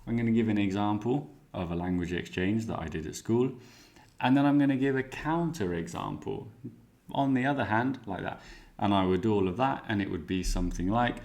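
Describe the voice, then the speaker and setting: A man teaching exam speaking skills, explaining clearly and giving worked example answers. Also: lowish voice, a little fast, darkish tone.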